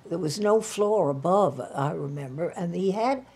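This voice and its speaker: An older woman recalls old times at a very slow, halting pace. Her low voice is strongly gravelly and very husky. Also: expressive, a little mellow. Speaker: interviewee. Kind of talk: reminiscing in an interview.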